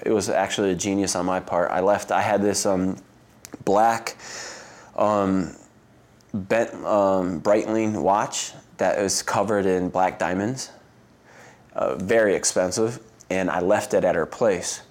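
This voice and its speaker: Chatty man telling stories, low voice. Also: unhurried. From United States. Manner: animated storyteller who acts out quotes with a jump in pitch; loose and chatty, laughs often. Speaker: interview guest, athlete. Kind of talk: casual interview storytelling.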